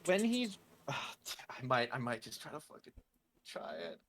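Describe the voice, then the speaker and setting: A man's voice: mid-range voice, big pitch swings, moderate pace, fairly bright tone, slight background noise. A man playing in a tabletop game, thinking aloud with hesitations and the odd curse. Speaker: player. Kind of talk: casual tabletop play.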